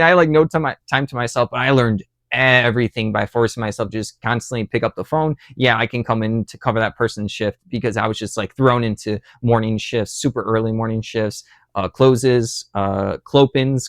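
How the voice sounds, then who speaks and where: A young man hosting his channel, casually telling a rambling personal story, with lots of fillers and restarts, lifting his voice high and loud when he acts out what he said. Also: dry recording, studio quality. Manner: animated, acts out quotes with rising voice. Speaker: channel host.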